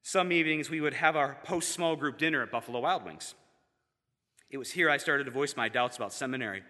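Man, memorial tribute speaker, very bright slightly high voice, animated, long hall reverb. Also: brisk. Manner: animated, building to emphatic peaks. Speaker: seminary student giving a eulogy.

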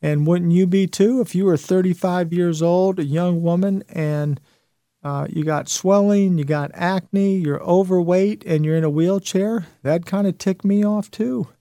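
Emphatic high-voiced man, gravelly. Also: steady tone, measured pace, dark tone, dry recording, clean studio sound. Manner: emphatic, repeats phrases for effect. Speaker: host. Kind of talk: motivational radio talk.

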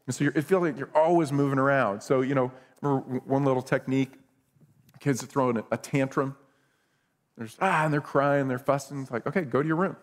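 A man's voice: medium pitch, fairly even intonation, a little fast, long reverb tail. A middle-aged male pastor preaching a conversational sermon with self-deprecating humor.

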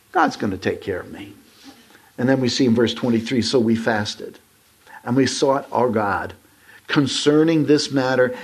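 A man delivering a sermon in a slightly husky voice. His pitch swings widely as he leans into his points. He reads scripture and talks straight to the congregation. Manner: emphatic, rising to stress points and addressing the congregation as folks. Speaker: preacher.

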